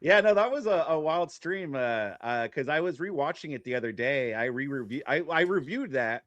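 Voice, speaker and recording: A man, a guest on a stream, talking casually in halting bursts, with restarts and an uneven pace. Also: fairly high pitch, expressive, fairly bright tone, dry recording, lo-fi sound. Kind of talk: casual chat.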